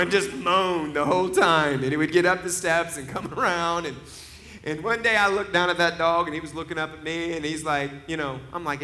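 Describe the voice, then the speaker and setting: A man's voice: sits high, a little fast. A man in his forties preaching a sermon, telling stories in a conversational way. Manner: conversational storytelling, rising to loud laughing emphasis. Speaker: pastor.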